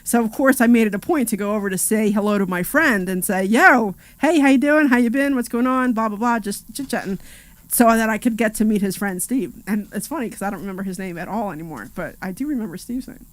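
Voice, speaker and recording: A woman's voice: mid-range voice, fast. Chatty woman radio co-host. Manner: rambling storyteller, laughs often, lots of "you know" and "like". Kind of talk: casual radio chat.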